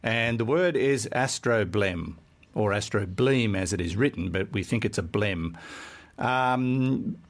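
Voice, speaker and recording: Gravelly man joking hesitantly. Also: fairly low pitch, expressive, measured pace. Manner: hesitant, joking, filler-heavy. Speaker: co-host. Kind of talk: casual chat.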